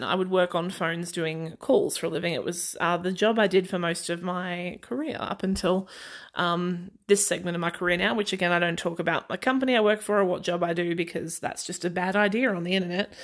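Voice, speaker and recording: An Australian woman hosting a podcast, talking casually on her own in a chatty, sarcastic way and laughing often. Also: on the low side. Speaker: podcast host. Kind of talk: casual solo chat.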